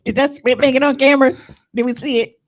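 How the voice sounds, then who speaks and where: A woman's voice: high voice, fairly even intonation, fast talker. A woman co-hosting a podcast, telling stories and teasing friends in casual chat. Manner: storytelling, teasing, laughing. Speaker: podcast co-host.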